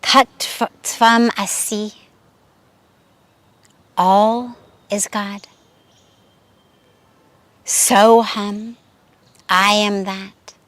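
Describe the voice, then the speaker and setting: A woman spiritual teacher giving a reflective sermon and telling a teaching story in a measured way. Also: mid-range voice, flat delivery, a bit bright, dry recording.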